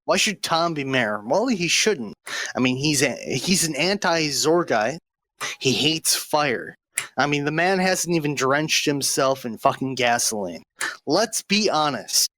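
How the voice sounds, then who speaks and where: A brash, profane man makes mock threats as a debate candidate. His voice is sharp and forceful, and it sounds close and dry. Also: on the high side, animated, a little slow, no echo. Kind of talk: mock political debate on voice chat.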